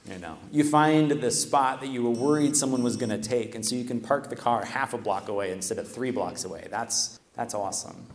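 A man's voice: medium pitch, fairly quick, hardly any pauses, slight background noise. Man preaching a sermon in a reverberant church. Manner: conversational, often tags "right?". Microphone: stands at a microphone. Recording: echoey church hall, long reverb.

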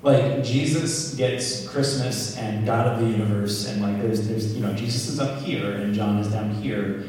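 A man giving a casual, joking sermon, full of asides and quick tag questions to the listeners. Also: fairly low pitch, darkish tone, slight background noise. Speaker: preacher. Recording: echoey hall, distant mic.

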